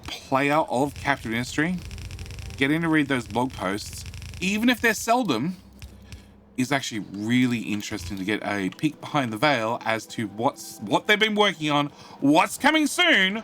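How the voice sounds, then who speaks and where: A man with a medium-pitched, slightly bright voice commentates live as he plays a building game, murmuring about his build. He chats with viewers, reading and greeting their messages, with a little hiss or hum audible.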